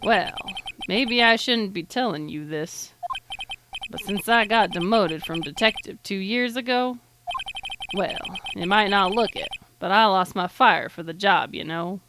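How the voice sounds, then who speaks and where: A woman's voice: mid-range voice, background noise, natural voice. Woman putting on a drawling cowboy lawman. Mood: wistful. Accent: put-on Texan cowboy drawl. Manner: folksy drawl, slow and easygoing. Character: drawling middle-aged cowboy lawman, laid-back and wistful. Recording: game music playing behind. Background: video game music.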